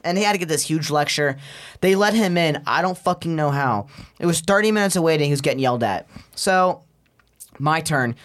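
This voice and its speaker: Young guy, slightly high voice, lively storyteller who swears and mimics the people in his story. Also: fairly quick. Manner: animated storyteller, acts out other voices, heavy swearing. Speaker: podcast guest. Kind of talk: casual chat.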